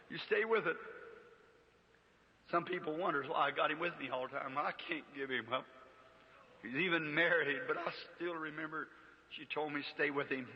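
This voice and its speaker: High-voiced preacher in an echoing hall. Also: male voice. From United States. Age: 50s. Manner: emotional, pleading, acts out quoted prayers. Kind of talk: sermon storytelling. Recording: dull old church recording with long reverb.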